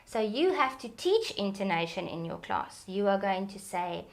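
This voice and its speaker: A woman, an early childhood development expert, explaining in an animated teacherly way during an interview. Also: medium pitch, normal speed.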